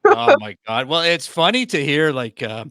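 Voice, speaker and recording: A man with a Canadian accent hosting a comedy podcast, excitable and laughing often. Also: a little high, normal speed, no echo, clean studio sound. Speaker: podcast host. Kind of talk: casual comedy podcast chat.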